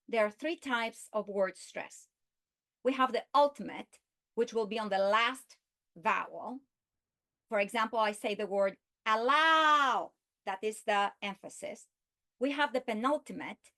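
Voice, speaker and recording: A woman giving a recorded literacy lesson, speaking slowly and deliberately and stressing each example word. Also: a little high. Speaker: teacher.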